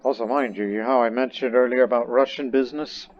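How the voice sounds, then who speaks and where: A man's voice: medium pitch, steady tone, fast talker, darkish tone. A man giving casual, rambling commentary while playing a strategy game, thinking aloud as he goes. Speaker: let's play gamer. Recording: dull lo-fi recording with faint game music.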